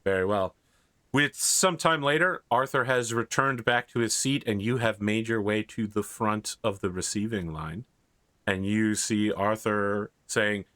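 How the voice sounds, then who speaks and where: Low-voiced man running a tabletop game. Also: a little slow, a bit bright, dry recording. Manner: casual, joking narration with voiced characters. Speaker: game master.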